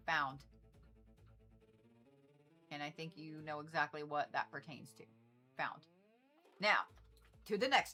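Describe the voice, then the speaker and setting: A middle-aged woman with a low-pitched, bright, forceful voice hosts an astrology livestream. Her casual chat is rambling and talkative, with frequent swearing and laughing asides.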